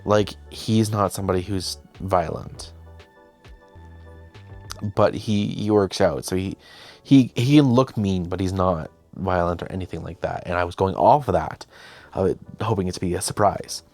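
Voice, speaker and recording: Low-voiced young man telling a story. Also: moderate pace, darkish tone, soft background music. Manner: chatty, self-deprecating, quotes himself and others. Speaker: host. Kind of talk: casual storytelling.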